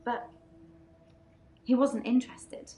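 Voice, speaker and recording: A woman voicing a troubled young female patient who believes she can shapeshift, speaking in an earnest, halting way. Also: a little high, flat delivery, dark tone, roomy sound. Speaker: game character.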